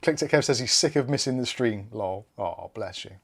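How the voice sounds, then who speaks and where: A man's voice: medium pitch, expressive, normal speed, gravelly, breathy edge. A man hosting a live PC build stream, chatting casually and reading out viewer comments while he works. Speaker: tech channel host.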